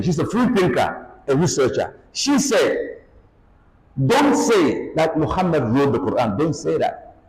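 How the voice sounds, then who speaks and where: A man giving an emphatic, animated religious lecture in a large hall. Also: high-pitched. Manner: animated, emphatic preaching with frequent exclamations. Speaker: Islamic lecturer. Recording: echoey hall with faint background noise.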